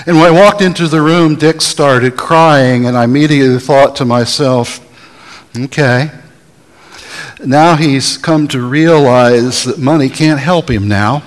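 A man preaching a sermon as a pastor, telling stories in a deliberate way and having the congregation answer back. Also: mid-range voice, in a large hall, rough recording. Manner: deliberate, storytelling preacher who has the audience answer back.

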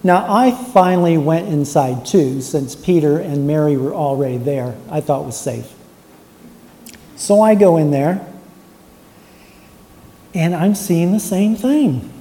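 A pastor preaching to a congregation, retelling a Bible story in the first person and building to shouted praise. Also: mid-range voice, unhurried, pauses often. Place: church before a congregation. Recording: echoey church hall.

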